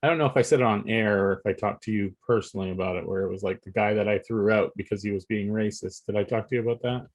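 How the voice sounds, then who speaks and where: A man's voice: on the low side, quick pace, hardly any pauses. Rambling male podcast co-host. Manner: rambling, restarts often, laughs between points. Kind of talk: casual chat.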